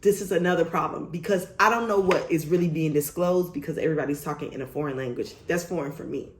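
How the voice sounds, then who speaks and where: A young woman vlogger telling a storytime story in an animated, emphatic way, swearing freely. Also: low-pitched, fast talker, slight background noise. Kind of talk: storytime vlog. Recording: roomy echo.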